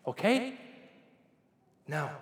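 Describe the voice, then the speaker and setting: High-voiced man preaching in an echoey hall. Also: very animated, drawn-out words. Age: 40s. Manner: conversational, addresses the congregation directly with questions. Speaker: pastor. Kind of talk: sermon. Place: church sanctuary. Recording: echoey church hall with long reverb.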